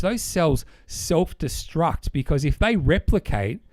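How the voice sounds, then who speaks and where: Aussie man, podcast co-host, upbeat and rambling, fairly high voice, dry close sound. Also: animated, moderate pace, darkish tone, no room sound. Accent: Australian. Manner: enthusiastic, rambling explainer. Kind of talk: casual chat.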